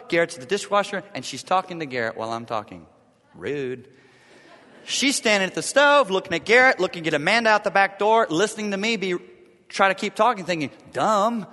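A man's voice: on the high side, sharp tone, in a large hall. A middle-aged man preaching, telling a marital story and acting out both sides of a quarrel. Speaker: pastor. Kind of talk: sermon.

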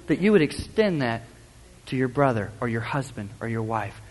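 A man preaching a sermon in a church, swinging between loud urgent lines and hushed, quiet ones. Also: medium pitch, big pitch swings, normal speed, in a large hall. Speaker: pastor.

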